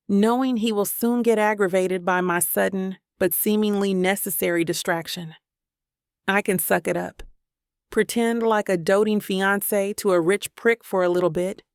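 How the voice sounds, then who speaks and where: A woman narrates a first-person romance audiobook with wry, sarcastic humor. Her voice has a gravelly, vocal-fry texture at a mid pitch, and the studio sound is dry and close. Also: no echo.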